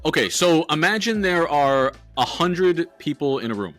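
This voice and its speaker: A man co-hosting a podcast, chatting casually with a bright, forceful voice. He talks loosely, swears freely and laughs often. Faint music sits behind him. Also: a little high, lively intonation, normal speed. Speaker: podcast co-host.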